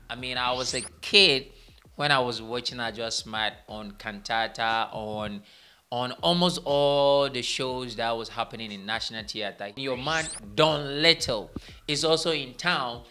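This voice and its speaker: A man's voice: medium pitch, measured pace, sharp tone, clean tone. A young man hosting a casual entertainment update from a small studio, chatty and rambling, often correcting himself. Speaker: entertainment news host.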